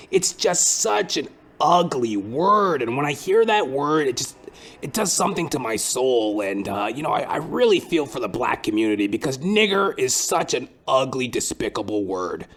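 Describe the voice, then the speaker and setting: A man voicing a hesitant male coworker who talks in a halting way, full of fillers. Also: mid-range voice, natural voice. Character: hesitant male coworker, hand-wringing and fumbling.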